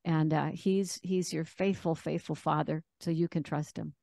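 A woman's voice: low voice, fairly even intonation, normal speed, vocal fry, mellow, dry recording. Earnest woman author, dry close sound. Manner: earnest, vivid storyteller. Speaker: author and radio host. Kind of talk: faith interview, personal testimony.

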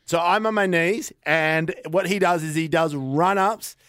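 A man's voice: fairly high pitch, measured pace, clear, resonant tone, no echo. Upbeat thirties man, podcast chat, dry close mic, chuckling storyteller. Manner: animated, laughs often, acts out his kids' voices. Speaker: podcast guest, father. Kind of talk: casual chat.

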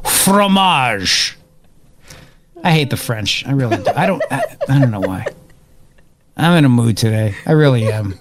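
A man hosting live political talk radio, excitable and opinionated, rambling as he reacts to events. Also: medium pitch, a little fast, background noise. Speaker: radio talk show host.

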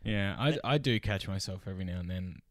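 A man's voice: low-pitched, a little fast, dry recording. A man hosting a casual podcast, a laid-back storyteller who swears freely and laughs often. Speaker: podcast host.

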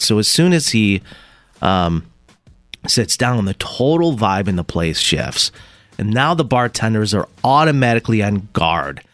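Animated storytelling radio host man. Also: fairly low pitch, dry recording. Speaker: radio morning show host. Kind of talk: casual storytelling on air.

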